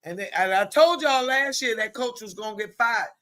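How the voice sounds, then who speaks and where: A woman streaming live play-by-play commentary in a chatty, colloquial way, exclaiming loudly at good plays. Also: fairly high pitch, lively intonation, moderate pace.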